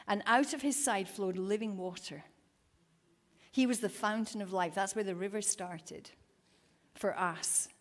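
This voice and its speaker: A woman preaching a sermon at a women's event, telling Bible stories with lively, acted-out quotes. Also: mid-range voice. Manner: animated storytelling, acting out quoted voices. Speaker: women's ministry speaker. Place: event hall.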